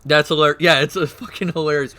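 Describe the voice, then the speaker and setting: A man streaming, excitedly explaining game lore in casual chat, swearing and laughing. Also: fairly high pitch, fast.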